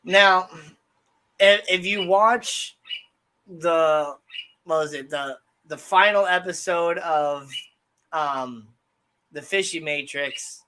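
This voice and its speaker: A man's voice: a little high, slow, long pauses. A young man co-hosting a livestream, telling rambling stories in casual chat with plenty of fillers. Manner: rambling, relaxed storytelling with fillers. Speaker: co-host.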